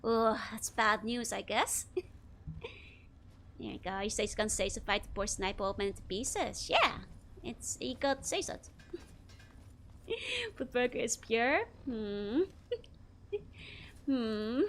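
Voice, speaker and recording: A woman's voice: a little high, animated, slow pace, pauses often, a bit bright, slight background noise. A young woman with a Dutch accent chatting casually while playing a game, laughing often as she answers her chat. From Netherlands. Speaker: streamer.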